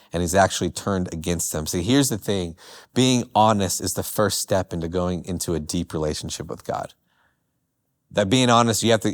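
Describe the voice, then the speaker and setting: A young adult man, a youth pastor, preaching a sermon to teenagers in an earnest, emphatic way. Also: low voice. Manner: earnest, emphatic, acts out the psalmist's cries.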